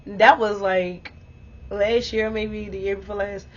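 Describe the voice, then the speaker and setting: A woman in her twenties tells a story on her casual vlog, animated and exclamatory, swearing freely while addressing her viewers directly. Her voice is medium pitch at a measured pace, recorded as dull lo-fi audio.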